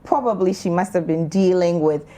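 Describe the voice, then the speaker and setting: A woman from Ghana co-hosting a panel talk show, her voice a little low and mellow. She speaks emphatically and puts on mock-preachy asides and little quoted voices. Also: normal speed. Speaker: co-host.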